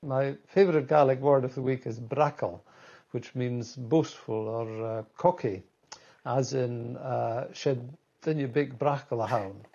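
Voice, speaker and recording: A man's voice: mid-range voice, a little slow, mellow, dull audio. A man with a Scottish accent answering as a studio guest, thoughtful with some hesitation. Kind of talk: interview answers.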